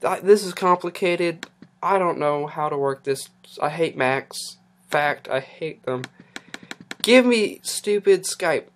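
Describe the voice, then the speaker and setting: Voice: medium pitch, fairly even intonation, unhurried, a little hiss or hum. A podcast host, chatting casually and sounding flustered and exasperated while swearing at technical trouble. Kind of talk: casual live-stream chatter.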